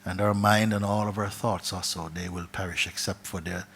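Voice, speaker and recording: A man telling a parable as a spiritual teacher, soft-spoken, often dropping to a whisper and repeating his phrases. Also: low voice, steady tone, normal speed, gravelly, slight background noise. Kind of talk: storytelling in a spiritual gathering.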